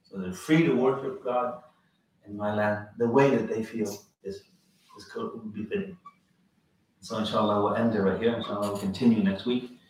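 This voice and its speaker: A man's voice: lowish voice, moderate pace. Distant man lecturing in an echoey room. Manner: animated storyteller, acts out quoted voices, chuckles, restarts. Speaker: Islamic teacher. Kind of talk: informal religious lecture with storytelling. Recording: very echoey room, distant mic, faint noise.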